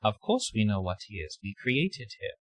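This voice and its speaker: A man voicing an eerie, faceless male alien entity who speaks in slow, cryptic phrases. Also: lowish voice, sing-song, a bit bright, dry recording. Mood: probing.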